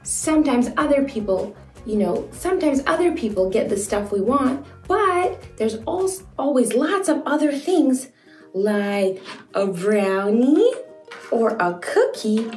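A young woman hosting a toddler learning video, who speaks slowly and gives lots of encouraging praise. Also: a little high, big pitch swings, recorded from a distance. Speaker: children's video host. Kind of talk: slow, sing-song teaching for toddlers. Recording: echoey room, soft music behind.

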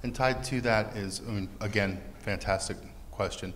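A man speaking as a therapist on a panel, emphatic and animated, asking rhetorical questions. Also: lowish voice, normal speed, slight background noise. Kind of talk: panel talk. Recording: long hall reverb.

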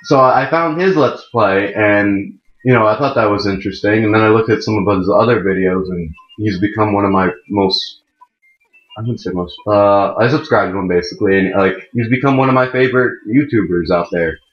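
A man's voice: lowish voice, moderate pace. Rambling young man, muffled roomy mic. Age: about 18. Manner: rambling, self-correcting, chatty. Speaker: let's play host. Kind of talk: casual gameplay commentary. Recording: muffled mic in a wrong jack, echoey room. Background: faint game music.

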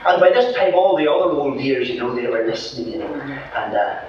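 An older man with a Northern Irish accent preaching a storytelling sermon at a gospel mission, animated and folksy. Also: mid-range voice, brisk. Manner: animated, folksy storyteller who acts out voices. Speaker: evangelist minister. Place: mission hall at a gospel campaign. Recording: distant echoey hall, dull and hissy.

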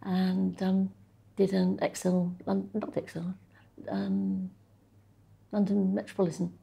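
An older woman in an interview, telling stories about her research career in a chatty, anecdotal way, with soft laughs and frequent pauses. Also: mid-range voice, little pitch movement, vocal fry, breathy edge, highs cut off. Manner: anecdotal, chuckling, with frequent ums and restarts. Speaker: interviewee, social policy researcher. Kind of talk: reflective conversational interview.

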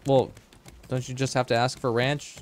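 A man's voice: medium pitch, little pitch movement, normal speed, slight background noise. Playful male streamer chatting. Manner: playful, chatty, joking with chat. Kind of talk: casual livestream gaming chat.

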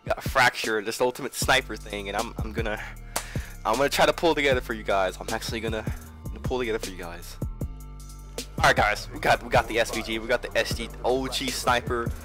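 A young man giving excitable gameplay commentary, swinging between mumbling and yelling. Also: fairly low pitch, brisk. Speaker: gaming video creator. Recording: trap beat playing underneath. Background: background hip-hop music.

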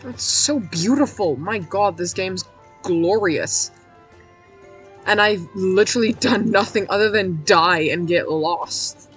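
A woman streaming a game, her voice going hoarse, rambling in a self-mocking way, cracking puns and laughing at herself. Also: mid-range voice, slow, faint music behind. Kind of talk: casual let's-play commentary.

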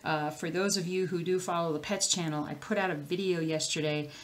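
A woman's voice: on the low side, steady tone, fairly quick. A woman hosting a crafting channel, chatting casually to the camera in a rambling, easily sidetracked way. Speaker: cross-stitch channel host.

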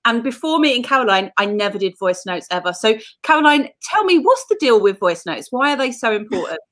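A woman's voice: on the high side, very animated, a little fast, a bit bright. A woman from southern England hosting a casual live-stream chat, chatty and enthusiastic with casual swearing. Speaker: host.

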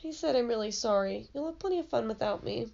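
A woman's voice: on the high side, lively intonation, quick pace, creaky, darkish tone, highs cut off. A woman reading as an apologetic young boy. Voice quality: apologetic, earnest. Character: boy worried about an unfinished school report.

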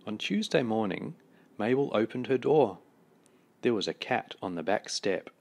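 A man reading a children's picture book aloud in a slow, deliberate, expressive storytelling manner. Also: lowish voice, gravelly. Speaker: storybook reader.

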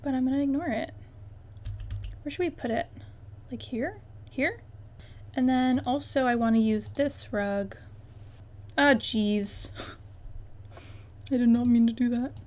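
A woman's voice: a little high, takes it slowly, long pauses, darkish tone. A young woman chatting casually while playing a life-sim game, bubbly and exclaiming, often talking straight to the objects on screen. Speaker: gaming YouTuber. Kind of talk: casual gameplay commentary.

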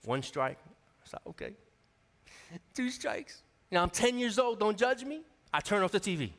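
In a church sanctuary with the long reverb of a large hall, a man in his forties from the New York area, an associate pastor, gives a sermon. His high, slightly bright voice is expressive and fairly quick, and he speaks conversationally, telling stories and calling out to the congregation.

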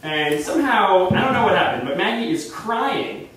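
A young man tells a comic story on stage, his voice lively and rising high. He is chatty and animated, and the sound is echoey and distant with a faint room hum behind him. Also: moderate pace. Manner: animated, chatty, full of fillers and restarts. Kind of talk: live comedic storytelling. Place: theater stage. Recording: echoey live stage recording from far off.

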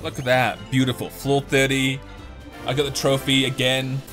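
A young man giving casual, excitable commentary over a mobile game he is playing, muttering one moment and yelling at the screen the next. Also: mid-range voice, moderate pace, soft background music. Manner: excitable, swings from mumbling to yelling and laughing at the game. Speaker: gaming YouTuber.

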